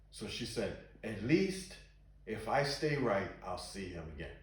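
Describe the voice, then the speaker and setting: A man's voice: fairly low pitch, sing-song, measured pace. Earnest man leading Bible study, echoey room. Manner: earnest, conversational, reads scripture aloud with emphasis. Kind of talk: informal Bible study teaching.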